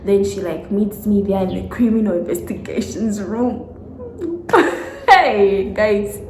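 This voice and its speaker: A woman's voice: mid-range voice, slow, a little mellow, slight background noise. A young woman in her twenties tells a storytime vlog with lots of animation. She acts out the people in her story and laughs often. Her voice rings in a roomy, echoey space. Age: 20s. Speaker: vlogger.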